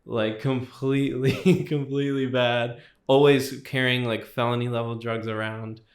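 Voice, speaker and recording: A man's voice: medium pitch, flat delivery, unhurried, echoey room. A young man sharing his personal testimony as a guest, talking casually with lots of fillers. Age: young adult. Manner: casual, filler-heavy storytelling with many likes.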